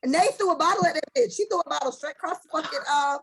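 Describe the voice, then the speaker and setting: A woman hosting a casual podcast chat, telling stories in a blunt, animated way with lots of profanity. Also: high-pitched, rapid-fire. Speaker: podcast host.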